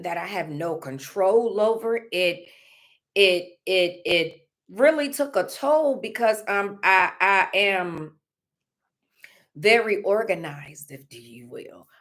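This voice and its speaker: A woman's voice: mid-range voice, lively intonation, slow. A woman vlogger talking openly and casually, rambling with many fillers and laughing now and then. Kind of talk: casual heartfelt vlog talk.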